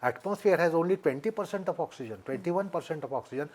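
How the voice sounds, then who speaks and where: Deliberate Indian man explaining breath. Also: a little high, expressive. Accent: Indian English. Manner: deliberate and explanatory, repeats key points. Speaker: yoga teacher. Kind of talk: interview explanation.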